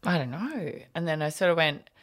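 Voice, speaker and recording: A woman's voice: deep voice, a little fast. A woman telling a family story in casual chat, laughing often as she goes. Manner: animated, laughs often while telling stories.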